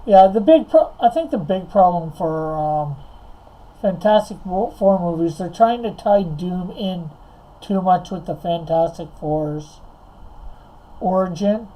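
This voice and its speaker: A man's voice: sits high, a little slow, mellow, low-quality recording. A man hosting a casual livestream, chatting about comics and reading viewer comments while doing digital coloring. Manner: rambling, reads chat aloud, laughs often. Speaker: livestream host.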